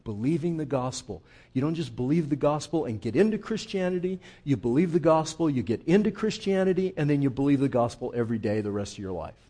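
A man preaching a conversational sermon, calling listeners folks and swinging from quiet intensity to loud emphasis. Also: mid-range voice, lively intonation, fast talker, hardly any pauses. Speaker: pastor.

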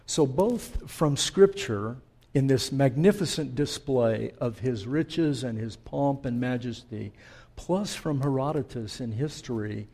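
A male pastor delivering a sermon in an unhurried, storytelling style. His voice is dark and mellow, and he speaks slowly and directly to his congregation. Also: mid-range voice, husky.

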